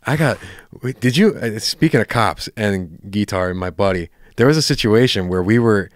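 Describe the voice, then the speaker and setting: A man's voice: on the low side, animated, moderate pace, no echo, studio quality. A young man co-hosting a podcast, telling stories in casual chat and laughing often. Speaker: podcast co-host.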